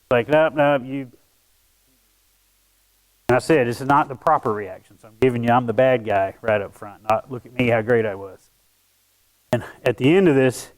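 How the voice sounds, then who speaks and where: A pastor delivers his sermon as a relaxed personal story, his voice smooth and resonant. He is a man who often restarts his sentences and pokes fun at himself. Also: mid-range voice, low-quality recording. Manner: conversational, self-deprecating, with frequent restarts.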